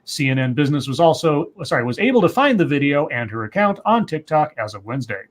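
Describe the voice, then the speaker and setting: A man's voice: a little high, very animated, quick pace. A man co-hosting a livestream, reading news articles aloud and breaking in with asides and self-corrections. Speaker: co-host.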